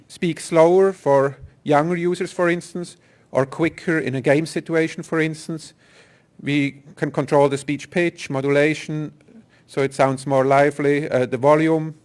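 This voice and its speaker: Guy presenting at a dev conference, kinda high voice, explains stuff with ums and restarts. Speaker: software engineer presenter.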